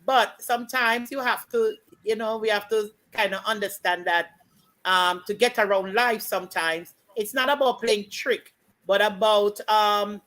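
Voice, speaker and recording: A woman with a Jamaican accent, chatting and telling folk stories with lively acted-out voices. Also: mid-range voice, a little slow, low-quality recording. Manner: animated storytelling, acts out voices. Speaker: storyteller guest. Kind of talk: casual chat.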